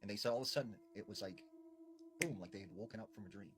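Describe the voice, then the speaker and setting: A man narrating a spooky folklore story, drawing out suspense with dramatic pauses and casual fillers. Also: on the low side, background noise.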